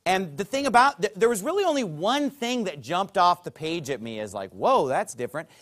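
Animated man preaching a sermon. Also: high-pitched, fairly quick. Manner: emphatic, conversational, keeps checking in with the listeners.

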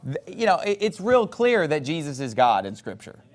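A man's voice: a little high, moderate pace. A man preaching, quoting King James scripture and animatedly acting out the voices of people he argues with. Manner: animated, acts out opponents' voices.

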